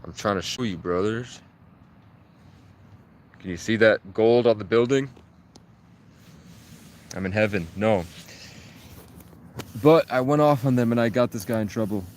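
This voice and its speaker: Man, low voice, rambling and profane outdoor phone livestream, light background hiss. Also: measured pace, long pauses. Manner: profane, rambling, agitated storytelling. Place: outdoors in the woods. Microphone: phone held at arm's length.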